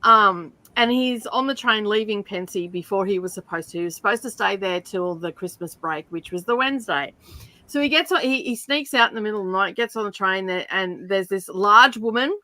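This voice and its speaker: A middle-aged Australian woman hosting a reading stream, telling animated stories in casual chat and often breaking into laughter. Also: mid-range voice, a little fast, no echo.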